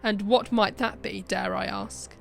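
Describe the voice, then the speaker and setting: A woman's voice: mid-range voice, steady tone, unhurried, creaky, soft background music. A woman reading the part of a bold, commanding female time traveller confronting an alien. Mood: defiant. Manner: threatening, demanding.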